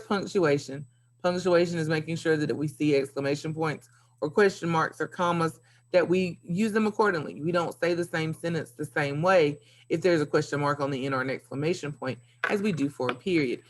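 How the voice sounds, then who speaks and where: A woman teacher giving a recorded video lesson to young pupils, upbeat and playful with sing-song emphasis. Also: sits low. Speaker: elementary school teacher.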